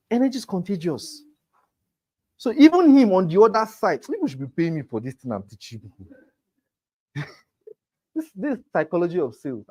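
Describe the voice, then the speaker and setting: A man's voice: sits high, dark tone. A man teaching a sales class, emphatic and talking straight to his students. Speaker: real estate sales trainer. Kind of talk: motivational class lecture.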